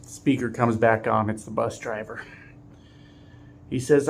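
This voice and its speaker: A middle-aged man, a truck driver, casually telling a story to his viewers with animated chuckles. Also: mid-range voice, measured pace, gravelly, pauses often.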